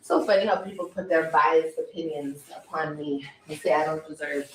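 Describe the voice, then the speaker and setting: A woman's voice: deep voice, moderate pace, a little hiss or hum, rough recording. A woman venting on her livestream in a defiant, profane rant.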